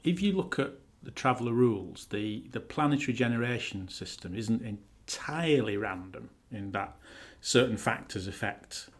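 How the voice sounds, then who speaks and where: Dry-humored man, low voice. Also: expressive. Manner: dry and teasing, measured with thinking pauses. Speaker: podcast co-host. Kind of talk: casual podcast chat.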